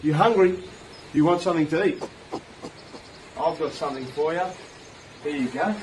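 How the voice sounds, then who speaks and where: An actor in an old television advert, teasing and talking loudly. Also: male voice, a little high, moderate pace, lightly acted. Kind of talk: commercial voice acting. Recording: old TV ad clip, noisy, from far.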